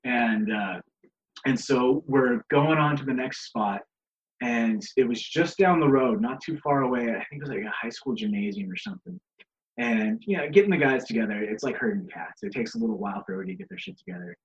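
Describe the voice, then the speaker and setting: A man's voice: mid-range voice, lively intonation, brisk, creaky. Swearing man laughing thru his wrestling stories, dull lo-fi sound. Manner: profane, laughing, acts out others' lines. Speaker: guest, pro wrestler. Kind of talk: casual storytelling.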